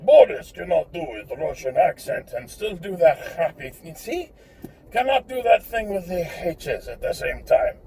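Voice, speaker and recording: Guy putting on a goofy russian boris voice, higher than his normal voice, a bit far from the mic. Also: very animated, normal speed, creaky, dark tone, slight background noise, heavily acted. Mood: playful. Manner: speaks of himself in the third person, drops articles. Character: comical Russian man Boris, a put-on accent.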